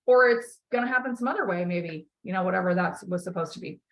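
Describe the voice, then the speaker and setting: In a candid conversation, a woman podcast host coaches a guest, speaking emphatically with strong emotion and frequent swearing. Her voice is fairly low and she talks fast, though the recording quality is poor.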